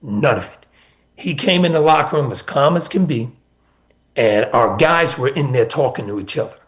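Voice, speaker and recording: A man's voice: mid-range voice, lively intonation, moderate pace. A middle-aged man, a college basketball coach, telling stories as a guest in a casual radio interview and often repeating words.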